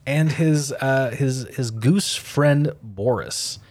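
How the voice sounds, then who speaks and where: A man's voice: medium pitch, takes it slowly, a little mellow, slightly rough, no echo. A man co-hosting a casual podcast, rambling through a recap and laughing at his own slips. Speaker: podcast co-host. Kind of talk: casual chat.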